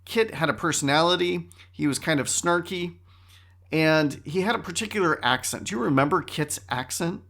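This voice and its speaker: A middle-aged man hosting his own podcast, riffing in a wry, animated way and often stopping to restart his sentences. His voice sits slightly high for a man and sounds bright and forward. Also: moderate pace, gravelly. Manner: animated, wry, self-interrupting. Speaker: podcast host. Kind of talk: casual solo podcast talk.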